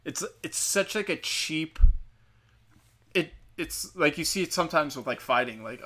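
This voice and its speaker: A man's voice: on the high side, lively intonation, measured pace, pushed and bright. A young man who does stand-up, telling stories in a blunt, profane, mocking way, full of "like" and "um.". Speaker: stand-up comic. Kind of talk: casual storytelling rant.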